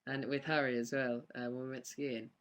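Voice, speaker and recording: A man's voice: medium pitch, flat delivery, normal speed, a bit bright. A young man, chatting casually on a live stream and answering fan questions with lots of ums and laughs. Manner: chatty, rambling, laughs often, many ums.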